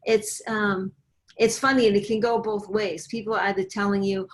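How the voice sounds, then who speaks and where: A woman health coach speaking as an interview guest, earnest and lively, often acting out what people say. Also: medium pitch, fairly quick. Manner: earnest, lively, acts out quoted voices.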